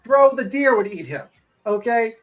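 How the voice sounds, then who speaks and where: A blunt, opinionated speaker trading views in a loose online panel, mid-pitched voice, swearing freely and breaking into laughter. The talk is relaxed and chatty, full of "like" and "you know". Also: moderate pace, soft background music. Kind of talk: casual panel chat.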